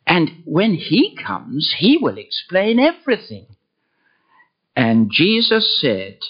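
An older man delivers a sermon at an unhurried pace, leaning on key words. His voice sits a little high and swings widely in pitch. The recording is muffled and lo-fi. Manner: slow, emphatic, with lively swings of pitch. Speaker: preacher.

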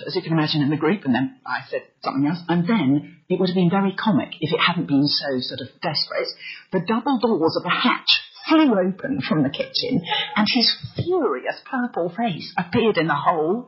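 A woman's voice: on the low side, slightly rough. A woman preacher telling a personal story in an earnest sermon style. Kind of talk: sermon testimony. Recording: slightly muffled recording.

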